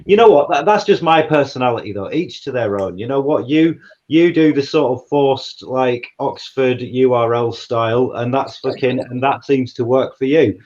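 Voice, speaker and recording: A man's voice: mid-range voice, normal speed, hardly any pauses, darkish tone. A man, chatting bluntly and laid-back, swearing freely. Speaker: battle rapper. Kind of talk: casual chat. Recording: dull lo-fi sound.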